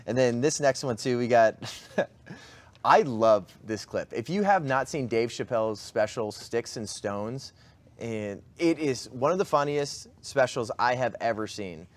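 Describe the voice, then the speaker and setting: A man's voice: mid-range voice, expressive, a little slow. Chatty male talk show host. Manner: chatty, laughs often, repeats words. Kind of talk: casual political chat. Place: studio.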